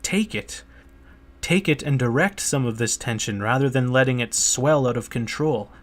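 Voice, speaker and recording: A man's voice: medium pitch, normal speed, natural voice. A man reading an audiobook, voicing an earnest male merchant who urges a prince to claim a throne, in a pleading, persuasive manner. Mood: pressing.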